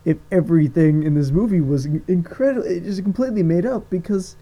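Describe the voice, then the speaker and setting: A podcast co-host with a high, warm voice talks fast in a casual movie review chat. He rambles, stumbles into restarts, and laughs often.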